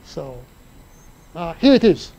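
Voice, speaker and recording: Guy presenting at a math seminar, highish soft voice, lots of restarts. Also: sing-song, vocal fry, dull audio. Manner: halting, thinking aloud with restarts. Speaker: seminar speaker. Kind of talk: mathematics seminar lecture. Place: seminar room.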